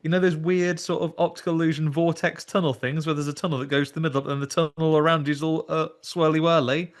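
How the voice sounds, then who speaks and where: Animated man telling a story. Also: fairly high pitch, quick pace. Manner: animated storytelling, acts out voices. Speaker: podcast host. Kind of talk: casual chat.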